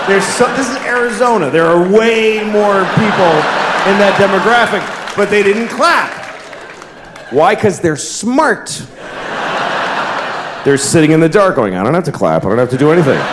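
A man doing a stand-up routine in a large theater, musing and teasing the audience. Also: high-pitched. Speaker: stand-up comedian. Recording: echoey theater with crowd noise.

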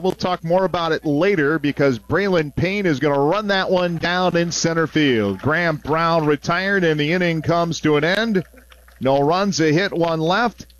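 A man calling a baseball game on the radio, mixing play-by-play with relaxed, chatty asides between pitches. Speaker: play-by-play announcer.

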